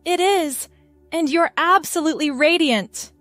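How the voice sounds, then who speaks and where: A woman voicing an affectionate young girlfriend who speaks softly and encouragingly. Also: extremely high pitch, unhurried, no room sound, faint music behind, voice pushed up. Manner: soft, encouraging, tender.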